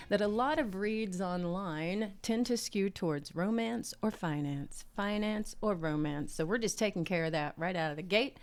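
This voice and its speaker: A woman with a Southern US accent, hosting a tarot podcast in a chatty, playful way with sing-song asides. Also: lowish voice. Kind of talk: casual chat with tarot reading.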